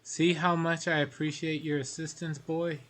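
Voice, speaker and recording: A man's voice: a little high, flat delivery, moderate pace, a bit bright, pitched above the performer's own voice, lightly acted. Brief: man voicing a dry, aloof female fox-spirit scholar, game dialogue read aloud.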